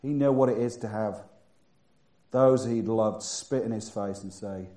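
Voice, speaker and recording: A man preaching a sermon who moves from loud, emphatic bursts to hushed, quiet passages. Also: fairly low pitch, a little slow, reverberant.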